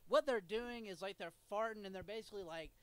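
A man's voice: high voice, fast, clean tone. A man co-hosting a podcast, talking in crude, casual banter, often laughing and swearing. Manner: laughing often, profane and animated. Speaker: podcast co-host.

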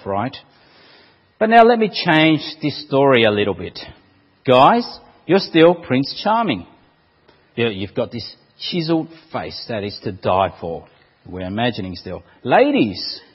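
Male preacher, lively delivery, breathy, echoing dull hall sound. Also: medium pitch. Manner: playful, animated storytelling. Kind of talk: sermon.

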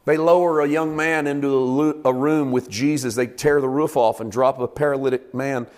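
A man's voice: medium pitch, fairly even intonation, moderate pace, darkish tone, long reverb tail. A male pastor preaching a sermon in an emphatic, conversational way.

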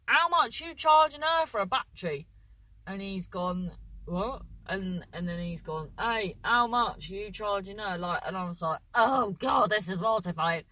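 Bright, rambling woman telling a story. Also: mid-range voice, low-quality recording. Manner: rambling, self-correcting, with lots of "so then"; swears casually, acts out voices in quotes. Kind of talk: casual anecdote.

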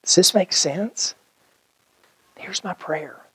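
A pastor preaching with easy humor, his voice sitting a bit higher than most men's. He jumps between chatty asides and acted-out quotes. The sound is dry and close, with no room echo. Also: takes it slowly, husky. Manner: animated, conversational preaching with jokes and acted-out quotes. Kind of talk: sermon.

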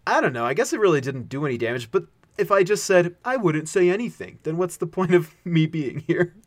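A young man in casual podcast chat, speaking haltingly and self-consciously. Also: fairly high pitch, expressive, dry recording.

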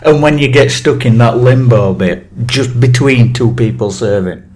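A man's voice: mid-range voice, a little slow, darkish tone. A man co-hosting a casual podcast chat, rambling with crude jokes and frequent laughs. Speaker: podcast co-host.

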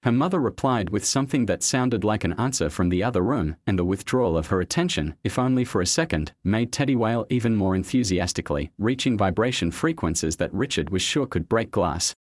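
Low-voiced man reading a story. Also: lively intonation, a little fast, hardly any pauses, dry recording, clean studio sound. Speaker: narrator. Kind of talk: scripted storybook narration.

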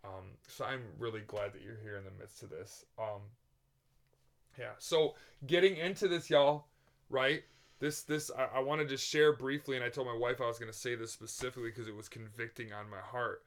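A man preaches on a podcast. He talks fervently and keeps posing rhetorical questions, often restarting mid-sentence. His voice sits in a middle pitch for a man. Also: moderate pace, fairly bright tone. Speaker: podcast host.

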